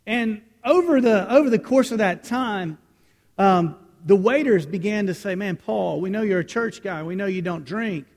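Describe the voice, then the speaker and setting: A man preaching a sermon as pastor, telling a personal story and moving between loud lines and hushed ones. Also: high voice, normal speed, long reverb tail.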